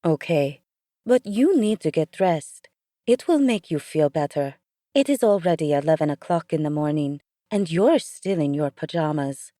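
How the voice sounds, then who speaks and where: A woman voicing a kind, bustling female caretaker with an Eastern European accent, coaxing and brisk. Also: low voice, expressive, mellow, dry recording, clean studio sound. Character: kindly female caretaker with a foreign lilt.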